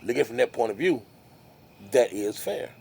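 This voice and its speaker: Man vlogger, casual rambling storyteller, gravelly mellow voice, faint room noise. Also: medium pitch, expressive, normal speed. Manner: rambling, musing, with frequent restarts.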